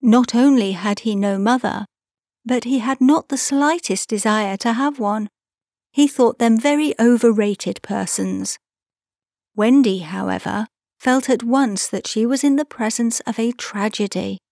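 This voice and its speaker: A woman narrating a classic children's storybook as an audiobook reader, measured and expressive. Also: on the high side, no room sound, clean studio sound.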